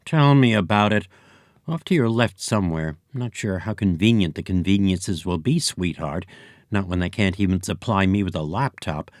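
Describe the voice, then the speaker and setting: A man's voice: low voice, moderate pace, darkish tone, dry recording, clean studio sound, close to an everyday voice. A man voicing a sassy female elephant receptionist who grumbles and complains. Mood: indignant. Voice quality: huffy, complaining.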